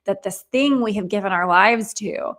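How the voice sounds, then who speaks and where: Woman host, mid pitch, thoughtful, hedges her questions. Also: moderate pace, a bit bright. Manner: thoughtful, hedging. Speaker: interview host. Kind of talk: interview conversation.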